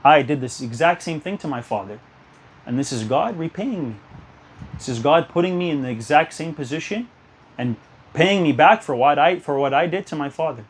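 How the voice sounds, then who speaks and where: A man voicing an elderly, tired father who quietly admits his past wrong. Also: fairly high pitch, lively intonation, moderate pace, slightly rough. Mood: remorseful.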